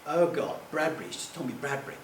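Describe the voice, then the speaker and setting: A middle-aged man with a fairly high voice tells rambling, self-deprecating stories to a live audience. He is picked up from a distance in an echoey hall. There is a faint hum of ambience behind him. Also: expressive, fast talker. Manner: chatty, self-deprecating, acts out quoted voices. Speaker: public speaker. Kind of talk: anecdotal talk to a live audience. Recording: echoey room, distant mic.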